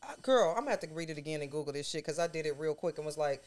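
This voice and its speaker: A woman's voice: deep voice, rapid-fire, darkish tone. A woman co-hosting a podcast in casual chat, joking and exclaiming a lot. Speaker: podcast co-host.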